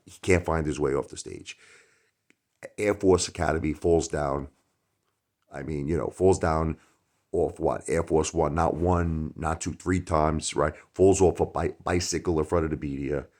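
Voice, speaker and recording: A middle-aged man hosting his own channel, talking casually in a rhetorical opinion monologue that swings from loud outbursts to muttered asides. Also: a bass voice, moderate pace. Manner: animated, rhetorical, jumps between loud and mumbled asides. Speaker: YouTube channel host.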